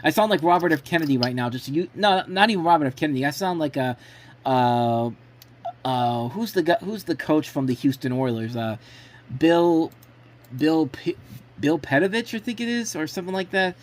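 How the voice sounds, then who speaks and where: A man talks through his football picks in a loose, unscripted way, often breaking off mid-word to restart. His voice sits a little high for a man. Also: expressive, normal speed. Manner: rambling, frequent restarts and self-corrections. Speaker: sports blog host. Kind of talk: casual solo football predictions.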